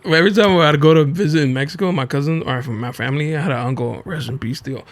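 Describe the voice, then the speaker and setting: A man's voice: fairly high pitch, fast. A man hosting a podcast, joking and laughing a lot in casual slangy chat, dropping in bits of Spanish. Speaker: podcast host.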